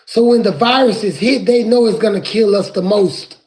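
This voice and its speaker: A man preaching from scripture in an impassioned way, rising at times to crying shouts. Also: high-pitched, moderate pace.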